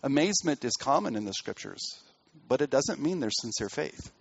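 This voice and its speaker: A man preaching a sermon in an earnest way, building to emphatic peaks and then dropping to quiet asides. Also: medium pitch, lively intonation, moderate pace, vocal fry, husky, no echo, dull audio. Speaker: pastor.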